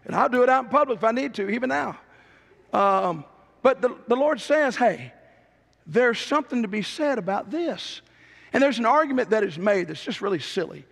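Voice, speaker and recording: Preacher guy, middle-aged, high gravelly voice, echoey church hall. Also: animated, normal speed, a bit bright. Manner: emphatic storytelling, repeats key lines. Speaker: pastor. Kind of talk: sermon.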